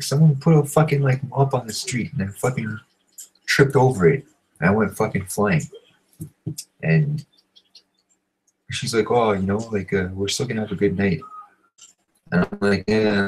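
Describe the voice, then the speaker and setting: Brief: man in his thirties, low-pitched voice, casual foul-mouthed storyteller, home setup. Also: low-quality recording. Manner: profane, animated, swears constantly. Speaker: host. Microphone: home recording setup.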